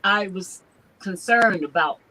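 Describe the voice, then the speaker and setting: A woman's voice: medium pitch, takes it slowly, bright, forceful tone, poor audio. A woman with a Southern US accent on a discussion panel, talking casually and hesitantly, with frequent laughs. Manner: self-conscious, hesitant, laughs often.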